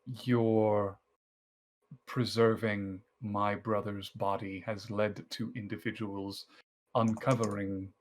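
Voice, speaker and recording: Stern formal king, quiet and deliberate, read by a male game master, low and unhurried. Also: level tone. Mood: grave.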